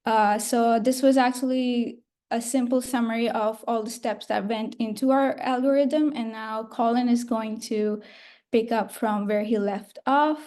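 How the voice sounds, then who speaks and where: Mellow-voiced woman explaining a method. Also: fairly high pitch, fairly even intonation, measured pace. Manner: explanatory, occasional fillers. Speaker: data analyst presenter. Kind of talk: webinar presentation.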